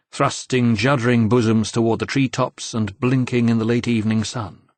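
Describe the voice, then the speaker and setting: Male audiobook narrator, measured, mid pitch, dry close mic. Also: no room sound. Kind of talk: scripted narration.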